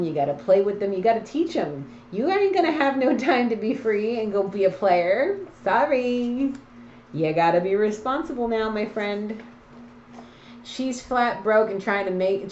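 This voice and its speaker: A woman's voice: mid-range voice, darkish tone, slight background noise. A woman in an echoey room gives a casual card reading, talking straight at the listener. She is blunt and preachy with a teasing streak. The sound is slightly dull and a little muffled. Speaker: tarot card reader.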